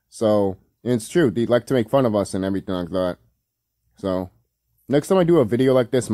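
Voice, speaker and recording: A man's voice: fairly low pitch, warm tone, no room sound, clean studio sound. A man giving casual, rambling reaction commentary on a cartoon, full of fillers, swearing and laughter. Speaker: video commentator.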